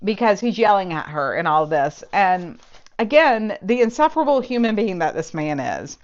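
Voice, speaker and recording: A woman talks through a novel's plot in a casual review, her tone sarcastic and exasperated. Her voice sits at an ordinary middle pitch, and the recording is slightly dull and muffled. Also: very animated, moderate pace. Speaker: book reviewer. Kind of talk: casual spoken book review.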